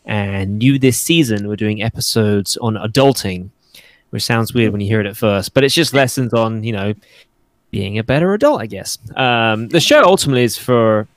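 A chatty man from England, his accent slightly Americanized by years in the US, talks about his podcast and fitness work. His pitch swings widely as he acts out what others say to him, and he laughs often. The recording is dry and close. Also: expressive, moderate pace, no echo. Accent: English, softened by years in the US. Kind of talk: casual chat.

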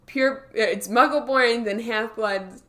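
A woman's voice: fairly high pitch, slow pace, sharp tone. A woman co-hosting a podcast in casual discussion, agreeable and thinking aloud as she talks. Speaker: podcast co-host.

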